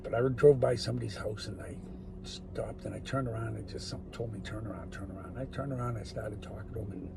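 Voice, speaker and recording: A man talking in a rambling monologue, drifting between loud bursts and muttered, whispered asides. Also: medium pitch, creaky, a little hiss or hum. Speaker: solo talker.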